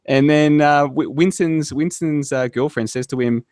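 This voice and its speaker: A man's voice: on the high side, moderate pace, a little mellow, no room sound, clean studio sound. A man, a podcast guest, arguing in a casual online debate chat, rambling and asking "right?" again and again.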